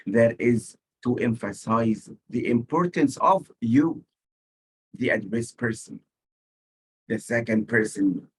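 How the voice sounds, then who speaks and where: A male SAT teacher with an Arabic accent giving a recorded lesson, explaining slowly and repeating key words for emphasis. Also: mid-range voice, breathy edge, rough recording. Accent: Arabic-speaking. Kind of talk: recorded lecture.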